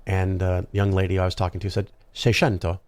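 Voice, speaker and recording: A man's voice: sits low, monotone, fast, darkish tone, clear, resonant tone, no room sound. A male podcast host talking through a casual solo monologue, rambling and conversational with frequent ums and asides.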